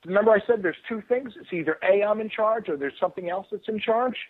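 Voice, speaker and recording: A high-pitched man talks fast and loose, piling up fillers and restarts. His voice comes through husky and thin over a tinny phone line. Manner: excitable, rambling, frequent restarts and fillers. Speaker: guest author. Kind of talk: casual storytelling on a call-in radio show.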